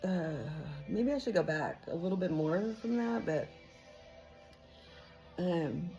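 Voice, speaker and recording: A woman's voice: fairly low pitch, takes it slowly, warm tone, soft background music, rough recording. A woman, a hairdresser chatting casually to camera in her salon, rambling with lots of fillers. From Texas. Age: 50s. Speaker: hairdresser vlogger. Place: hair salon.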